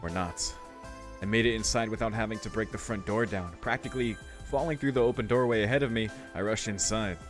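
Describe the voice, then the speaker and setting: Casual let's-play host reading a visual novel. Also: male voice, on the low side, fairly quick. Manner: casual, swears, breaks off to react. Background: faint game music.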